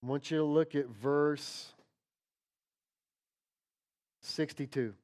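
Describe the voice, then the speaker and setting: A man preaching a sermon in a casual, conversational way, correcting himself mid-sentence, dropping to a hush when reading scripture and building to a rising chant. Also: a little high, measured pace. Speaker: pastor.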